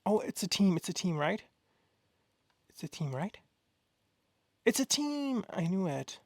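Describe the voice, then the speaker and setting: A young man chatting casually and excitedly in a vlog, gushing and rambling with lots of fillers. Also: on the high side, moderate pace, creaky, no room sound. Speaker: art vlogger. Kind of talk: casual chat.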